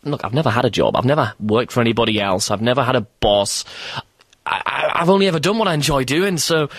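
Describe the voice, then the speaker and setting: Quick, chirpy man in a dry studio. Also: medium pitch, animated, a bit bright, slightly rough, no echo. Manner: chirpy, fast and chatty, laughs often. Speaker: mind reader guest. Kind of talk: live radio chat and mind-reading trick. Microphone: studio microphone.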